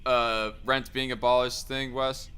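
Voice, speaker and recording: A man's voice: medium pitch, little pitch movement, a little slow, pushed and bright, clear, resonant tone. A man hosting a podcast, talking in a casual, hesitant way and often correcting himself. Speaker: podcast host.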